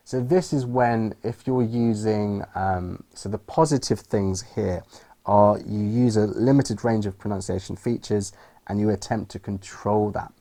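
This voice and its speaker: A man with a British accent teaching English pronunciation, explaining clearly and demonstrating stress with example sentences. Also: on the low side, a little slow, dark tone. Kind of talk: explaining lesson to camera.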